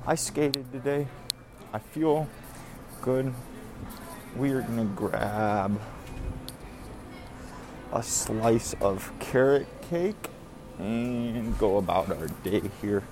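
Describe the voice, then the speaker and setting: A man with a mid-range voice talks very slowly, leaving long pauses, with music playing behind him. He hosts his own podcast as a casual, rambling vlog, cursing and griping while he drives and shops, on the go between his car and a store.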